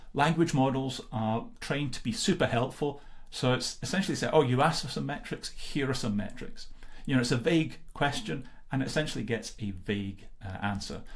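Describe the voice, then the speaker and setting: A man casually narrating a screen-recorded software tutorial, relaxed and explanatory, with many filler pauses. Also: fairly low pitch. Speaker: software demo presenter.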